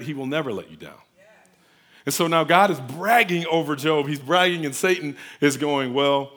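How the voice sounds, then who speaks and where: A man's voice: on the high side, fairly bright tone. A man preaching a conversational sermon, earnest and emphatic, speaking off the cuff.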